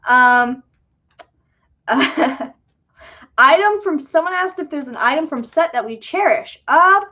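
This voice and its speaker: A young woman chatting on a livestream with a high, bright voice, answering viewer questions in a loose, self-deprecating way. The sound is dull and lo-fi. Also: expressive, moderate pace. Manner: chatty, self-deprecating, giggly, many fillers. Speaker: livestream host and filmmaker. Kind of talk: casual livestream Q&A chat.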